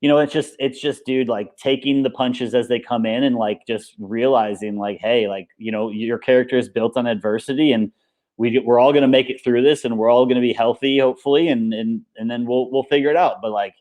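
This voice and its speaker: A man being interviewed in a relaxed chat, talking in an upbeat, rambling way, full of fillers. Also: mid-range voice, brisk. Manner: rambling and upbeat, many fillers like "like" and "you know". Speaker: interview guest, paintball coach and business owner.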